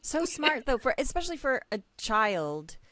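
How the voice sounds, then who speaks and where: A woman's voice: high voice, big pitch swings, normal speed, a crowd in the background. A woman hosting a podcast, reading out listener questions in an upbeat, encouraging way. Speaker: podcast host.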